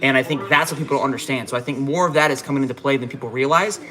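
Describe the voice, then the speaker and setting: A man's voice: medium pitch, racing, crowd noise. A tipsy man hosting a live halftime reaction stream, fired up and rambling with frequent restarts. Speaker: fan livestream host.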